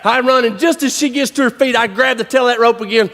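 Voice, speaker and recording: A man with a drawl preaching through a rollicking story, folksy and animated, often shouting and laughing along. His voice sits high for a man. The sound carries a long reverb from a large church hall. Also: fast. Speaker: conference speaker. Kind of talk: lively storytelling sermon.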